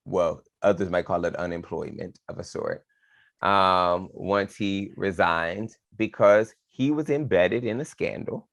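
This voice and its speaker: A man with a fairly low voice talks through politics in a relaxed, animated way. He is a podcast co-host who tosses playful asides to his partner. The sound is dry and close. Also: measured pace, creaky, dry recording. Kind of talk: casual political discussion.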